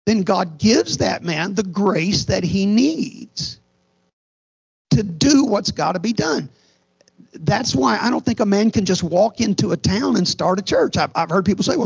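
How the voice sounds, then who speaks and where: Raspy high-voiced preacher, lo-fi. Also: male voice. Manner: earnest storytelling preacher with repeated restarts. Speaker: pastor. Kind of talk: sermon. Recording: dull lo-fi sound.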